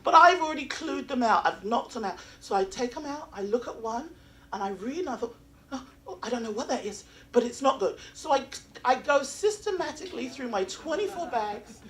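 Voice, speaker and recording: A woman from England with an English accent, doing open mic stand-up comedy with animated storytelling and acted-out voices. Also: sits high, fairly quick, a little hiss or hum. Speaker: stand-up comic. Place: small comedy venue.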